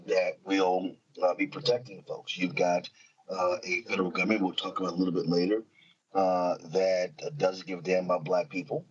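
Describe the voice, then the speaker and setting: A man's voice: sits low, husky. A man hosting a talk show, speaking directly with many filler sounds between phrases. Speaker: host. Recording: dull lo-fi audio.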